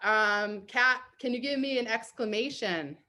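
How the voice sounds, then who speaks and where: Hosting a comedy therapy show over a video call, a bubbly woman with a Boston accent and a bright pitch laughs readily. She leads a playful word game and reads aloud with gusto.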